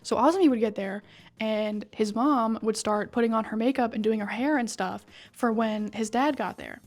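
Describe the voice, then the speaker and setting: A woman's voice: on the high side, moderate pace. A young woman casually recapping a game story, swearing freely and acting out the characters' lines. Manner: excited, swears a lot, acts out quotes.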